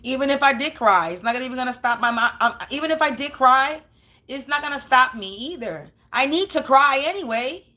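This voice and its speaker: Woman, fairly high voice, defiant, emotional, repetitive vlog monologue. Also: animated, fairly quick, pushed and bright. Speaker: spiritual reader and vlogger.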